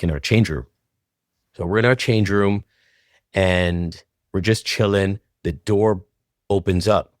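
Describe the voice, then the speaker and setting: Low-voiced man telling a lively story. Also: dry recording, clean studio sound. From Canada. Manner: acts out both sides of old phone calls, voice jumping up when excited. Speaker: guest choreographer. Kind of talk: animated storytelling in an interview.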